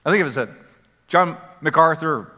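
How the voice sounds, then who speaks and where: A man preaching a sermon as a pastor, energetic and conversational, repeating phrases for emphasis. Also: on the high side, a little fast. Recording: long hall reverb.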